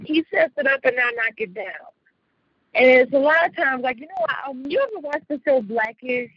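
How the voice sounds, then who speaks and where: Animated woman telling stories on radio. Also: sits high, fairly quick, no room sound, muffled recording. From Chicago suburbs, United States. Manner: animated, laughs often, slangy. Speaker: radio host. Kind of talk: casual storytelling chat.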